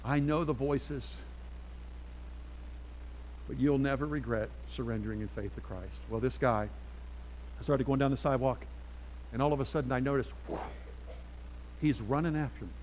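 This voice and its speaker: A man preaching a sermon to a church congregation, switching between forceful appeals and quiet storytelling. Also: mid-range voice, moderate pace, pauses often, a little hiss or hum, low-quality recording. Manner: emphatic, swings from loud exhortation to quiet storytelling. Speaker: pastor.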